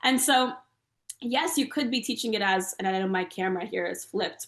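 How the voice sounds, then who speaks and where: A woman composer and singer talks through her music in a relaxed interview, chanting rhythm syllables and counting beats out loud. She speaks over a video call from a room with a noticeable echo. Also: fairly high pitch, normal speed. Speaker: guest composer and Carnatic singer. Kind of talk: conversational interview explanation. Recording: roomy echo.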